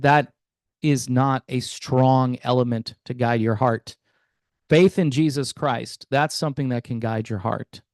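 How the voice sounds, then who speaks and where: A man's voice: mid-range voice, no echo. A man hosting a commentary channel, arguing skeptically with many rhetorical questions and hesitant restarts. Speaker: music commentary channel host. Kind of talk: opinion commentary vlog.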